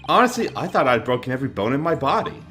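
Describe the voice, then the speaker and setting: A man's voice: mid-range voice, very animated, fast, fairly bright tone. A man voicing a nervous young man who stammers when accused, over game music. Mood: worried. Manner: flustered, stammering.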